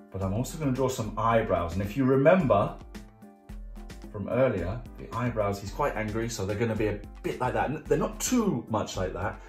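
A man hosting a children's art club, explaining each drawing step in a chatty, playful, jokey way. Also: fairly low pitch. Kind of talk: drawing tutorial for kids. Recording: roomy sound with faint music.

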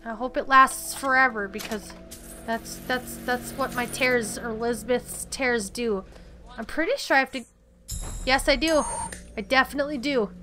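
A young woman hosting a let's-play, chatty and quick to swear and get upset at the game. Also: on the high side, pushed and bright, faint music behind. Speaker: gaming channel host. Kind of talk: casual let's-play commentary.

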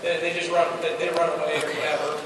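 A man's voice: a little high, level tone, quick pace. A man speaking emphatically and directly to an audience at a live event. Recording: echoey hall, distant mic, crowd noise.

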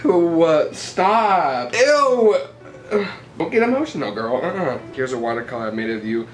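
An art vlogger chatting casually to camera at home, excitable and gushing. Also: mid-range voice, a little slow. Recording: roomy echo with faint music.

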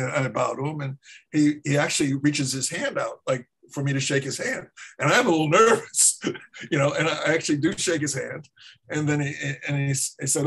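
A man's voice: medium pitch, fairly quick, creaky, fairly bright tone, breathy edge, low-quality recording. A middle-aged man, a martial arts instructor, telling a story as a guest with many fillers and restarts. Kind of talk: casual anecdote storytelling.

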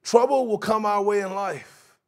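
A man preaching a sermon in a conversational, animated way, acting out quotes and laughing along with his points. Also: high voice, moderate pace.

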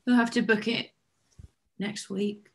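A woman chatting casually about a chapter just read aloud, relaxed and friendly. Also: medium pitch, measured pace, a little hiss or hum. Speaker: co-host of a reading session. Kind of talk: casual chat.

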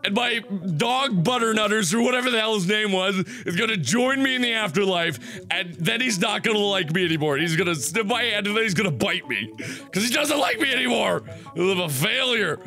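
A young male let's play host with a bright, edgy, gravelly voice. He rages, pleads and despairs melodramatically at a hard game, with faint music under him. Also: high voice, expressive, a little fast. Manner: melodramatic, raging and whining at the game; pleading, chanting repeated words. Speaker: gaming video host.

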